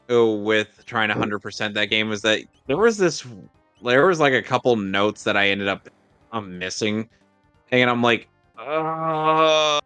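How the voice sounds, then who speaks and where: Bright-voiced man streaming a game. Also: lowish voice, smooth, dry recording. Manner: rambling, joking, halting restarts. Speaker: streamer host. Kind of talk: casual gameplay commentary.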